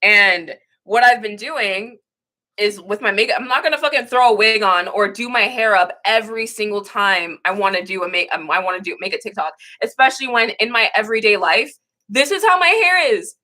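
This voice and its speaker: Bright-voiced young woman ranting candidly. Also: mid-range voice, fairly quick. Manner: candid, swearing, emotional rants; rambling with frequent restarts. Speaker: livestream host. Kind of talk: casual livestream chat.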